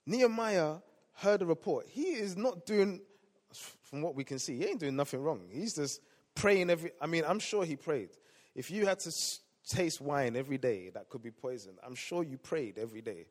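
A male pastor preaching a sermon, swinging between loud emphatic lines and quiet asides. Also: a little high, expressive, moderate pace. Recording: long hall reverb.

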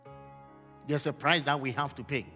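A man preaching a fervent sermon as pastor, rising to shouts and asking the congregation questions. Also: mid-range voice, fairly even intonation, a little fast, husky, in a large hall, faint music behind.

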